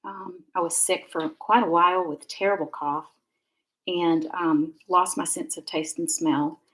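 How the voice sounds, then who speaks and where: A woman's voice: lowish voice, steady tone, a little slow, rough recording. A middle-aged woman, chatting and rambling casually while she demonstrates card making on a live stream. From Georgia, USA. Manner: chatty, rambling, warm asides.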